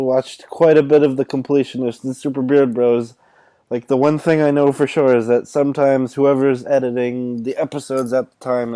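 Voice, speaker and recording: A man hosting a podcast, asking interview questions in a slow, dry, deliberate way. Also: mid-range voice, mellow, no echo. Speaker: podcast host.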